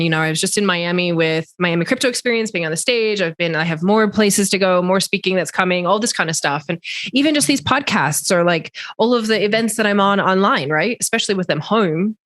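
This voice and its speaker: A woman's voice: medium pitch, fairly bright tone, no echo. A middle-aged woman hosting a podcast, telling stories in an enthusiastic, chatty way with frequent laughs. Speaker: podcast host. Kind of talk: casual podcast conversation.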